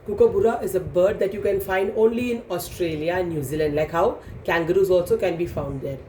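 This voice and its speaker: A woman telling a story to children in an animated way, stopping to explain things. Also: lowish voice, brisk. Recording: echoey room, faint noise.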